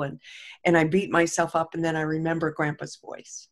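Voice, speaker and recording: A woman's voice: deep voice, level tone, moderate pace. An older woman hosting a casual spiritual talk show, telling heartfelt stories with many restarts and easy laughter. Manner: heartfelt storytelling, frequent restarts, laughs easily. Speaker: host.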